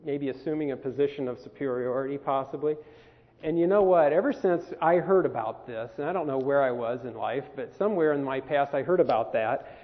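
Talking fairly quickly in a mid-range voice, a man runs a workshop on communication for campers, chatting with them and asking questions. The recording is phone-quality and made in a hall with lots of reverb.

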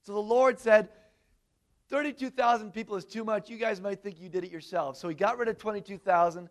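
A man preaching a sermon to a congregation, animated and quizzing his listeners with questions. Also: high voice, a little fast. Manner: animated, asks the audience questions.

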